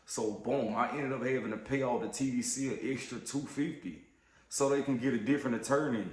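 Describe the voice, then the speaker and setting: A man who drives trucks tells a story in a casual rant, heated and profane, getting louder and sharper when riled. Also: mid-range voice, roomy sound.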